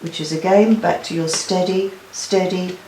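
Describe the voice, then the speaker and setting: Woman tarot reader, warm-hearted chatter to her cards, recorded in an echoey room. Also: lowish voice, steady tone, moderate pace, a little hiss or hum. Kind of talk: weekly tarot card reading.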